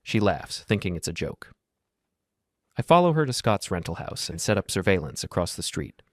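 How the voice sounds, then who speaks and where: A man narrating a first-person story in a calm, measured, coolly detached way. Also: low voice, dry recording.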